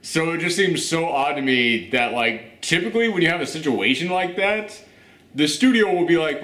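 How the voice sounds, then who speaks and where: A man's voice: fairly high pitch, normal speed. A man hosting a casual spoiler review of a movie, talking animatedly and swearing a lot. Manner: animated, swearing, with acted asides. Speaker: movie reviewer and channel host. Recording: echoey room.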